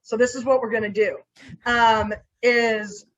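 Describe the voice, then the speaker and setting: This private investigator, a woman, tells an interview story in a lively way, playing out the things she said to others. Her voice is a little high and slightly slow, captured with lo-fi sound.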